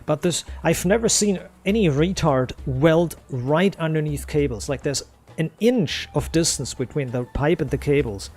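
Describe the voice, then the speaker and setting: A man's voice: on the high side, normal speed, darkish tone, husky. A young man streaming a game, telling a story in a casual, profane rant full of restarts. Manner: ranting, profane, frequent restarts. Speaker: gaming streamer. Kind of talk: casual storytelling while gaming.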